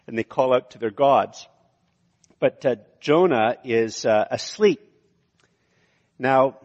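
A man preaching a sermon, explaining the text in a conversational way with frequent fillers. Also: mid-range voice. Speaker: pastor. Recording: lo-fi reverberant hall.

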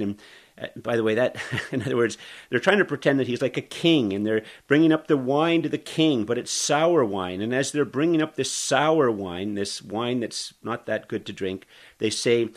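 A man's voice: mid-range voice, animated, moderate pace. A middle-aged man preaching a sermon, talking conversationally and explaining scripture as he reads it aloud. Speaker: pastor. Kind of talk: expository sermon.

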